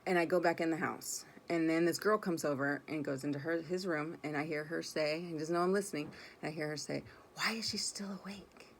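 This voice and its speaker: A woman's voice: low voice, fairly even intonation, brisk, vocal fry, slight background noise. A woman telling a personal story in a casual, rambling way, blunt and swearing freely. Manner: rambling, self-correcting delivery.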